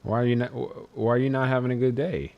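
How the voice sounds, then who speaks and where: A young man chatting casually on speakerphone, playfully teasing a friend and then gently talking with his small son. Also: mid-range voice, level tone, fast talker, vocal fry, lo-fi sound. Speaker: streamer and father. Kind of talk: casual phone chat.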